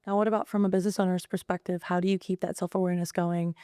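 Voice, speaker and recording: A woman hosting an interview, asking direct, brisk questions. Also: on the low side, little pitch movement, warm tone, smooth, no room sound, clean studio sound. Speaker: podcast host.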